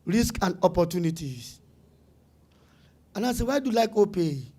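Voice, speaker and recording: A middle-aged man with a Nigerian accent giving an animated conference talk to business owners, emphatic and repetitive, slipping into pidgin phrases. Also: sits high, moderate pace. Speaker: summit speaker.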